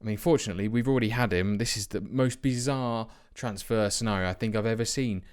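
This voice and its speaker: A young man casually commentating his football management game, chatty and self-mocking, with sudden bursts of excitement. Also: on the low side, fast talker, clean tone. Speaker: let's play host.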